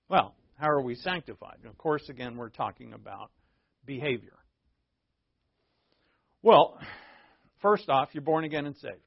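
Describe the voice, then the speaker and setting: A man teaching through a Bible passage in a relaxed, conversational way, explaining terms plainly and often restarting his sentences. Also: medium pitch, normal speed, vocal fry, long pauses, no room sound, highs cut off. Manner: conversational and digressive, with frequent restarts.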